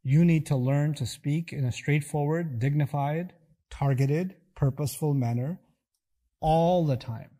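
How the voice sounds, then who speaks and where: Man, lecture, husky, mellow, animated, acts out quoted dialogue. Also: on the high side, unhurried. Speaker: speaker giving a talk. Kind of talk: lecture on scripture.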